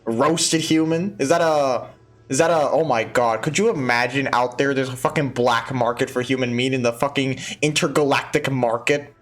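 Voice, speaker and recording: Speaking at normal speed in a steady, mid-range voice, a man hosts a gaming video. His let's play commentary is full of profane jokes, and he laughs frequently.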